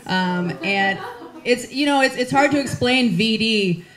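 A woman's voice: fairly high pitch, lively intonation, a little slow, a bit bright. A woman from the Midwest doing a stand-up set, chatty and rambling with many fillers. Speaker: stand-up comedian, former teacher. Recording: crowd audible around stage.

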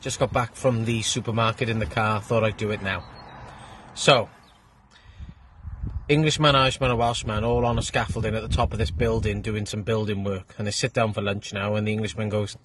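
A man's voice: on the low side, steady tone, a little fast, fairly bright tone, slight background noise. A man casually telling a joke in an offhand way, sitting in a parked car. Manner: offhand, laughs at his own punchlines. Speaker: joke teller.

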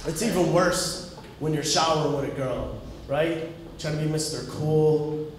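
A man's voice: a little high, fairly even intonation, normal speed, distant mic, a little hiss or hum. A man doing a stand-up comedy set, punchy storytelling with acted-out dialogue. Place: comedy club stage before an audience. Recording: very echoey live club recording.

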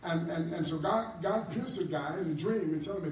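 A man preaching a Bible class in a church hall, animated and repetitive, often chuckling. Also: fairly high pitch, normal speed. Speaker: apostle teaching a ministry class. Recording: echoey hall from far off, faint noise.

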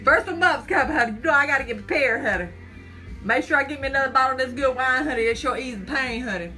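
A woman's voice: high voice, fast, sharp tone, faint music behind. A woman chatting on a live stream from her phone at home, selling makeup in a folksy, nervous way, calling everyone "honey" and "child.". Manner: jittery, talks through nerves. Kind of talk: casual live-stream chat.

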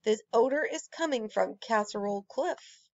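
A woman voicing Inspector Croissant, an anxious, eager young male pastry detective who talks in excitable, earnest exclamations. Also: fairly high pitch, normal speed, vocal fry, dull audio.

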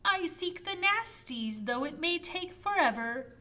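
A woman reading aloud and voicing a brave, eager young male knight in a high, earnest voice. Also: expressive, unhurried, bright, forceful tone, exaggerated voice.

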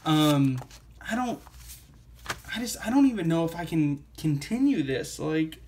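A man's voice: a little high, lively intonation, unhurried, darkish tone, a little hiss or hum. A man reviewing a comic book in a casual vlog, rambling and wry, full of fillers and restarts.

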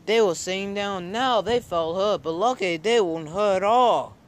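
A man's voice: sits high, normal speed, clean tone, pitched above the performer's own voice, lightly acted. A man voicing an angry male train driver who scolds in stumbling bursts. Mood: scolding.

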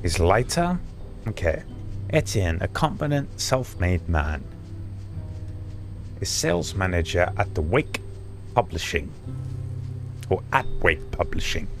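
A man doing gaming commentary, sarcastic and swearing, reading game text aloud haltingly. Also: low-pitched, very animated. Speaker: let's play host. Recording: game music behind.

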